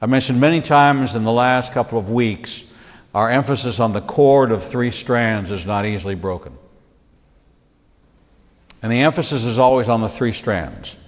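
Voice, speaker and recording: Man, rabbi, sermon-style Bible teaching, animated, repeats phrases for emphasis, medium pitch, long hall reverb. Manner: animated, repetitive emphasis, dramatic pauses, humorous asides.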